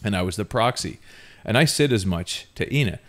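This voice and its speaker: A man telling a funny story on a podcast in an animated, self-mocking way, often laughing. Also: lowish voice, a little fast. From Ontario, Canada. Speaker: podcast host. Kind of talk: casual storytelling.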